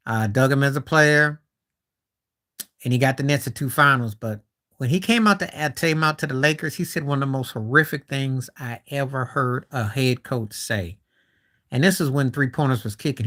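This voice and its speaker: Pushed and bright, this mid-range male voice belongs to a live stream host talking basketball casually. He wanders through his thoughts, breaking off and restarting, and tosses in remarks of disbelief.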